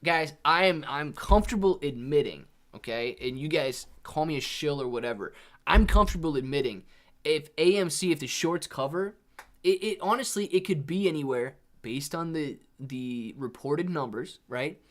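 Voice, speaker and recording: A man's voice: fairly high pitch, animated, normal speed. A man hosting a live stream, reading viewer chat aloud in a rambling, laid-back way and calling people "dude" and "man". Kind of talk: casual livestream chat.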